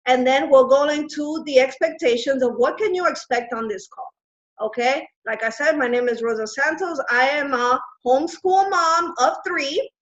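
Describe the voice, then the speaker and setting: A woman in her thirties, a fitness coach, telling her personal story earnestly and excitedly on a group call. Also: high voice, moderate pace. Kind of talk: recruiting talk on a group call. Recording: roomy, dull lo-fi call audio.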